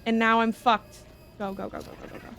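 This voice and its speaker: A woman's voice: on the high side, little pitch movement, fairly quick, vocal fry, fairly bright tone, faint music behind. A young woman streaming a video game, talking dramatically to herself and to the game, and sometimes reading its text aloud. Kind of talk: live game commentary.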